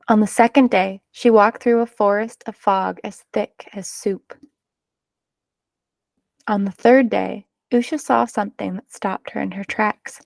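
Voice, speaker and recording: A woman reading a children's picture book aloud, narrating in an expressive, measured way. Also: mid-range voice, vocal fry, no echo. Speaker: storyteller.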